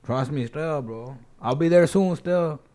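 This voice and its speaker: A man's voice: a little high, unhurried, warm tone. A young man with a Toronto accent, a podcast guest chatting casually, brash and full of slang. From Toronto, Canada. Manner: brash, heavy on slang, ends lines with "bro". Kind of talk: casual chat.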